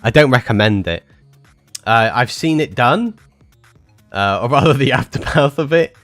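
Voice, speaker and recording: A man's voice: mid-range voice, very animated, normal speed, fairly bright tone, dry recording, soft background music. A man chatting casually with his live-stream viewers, rambling with many fillers and restarts.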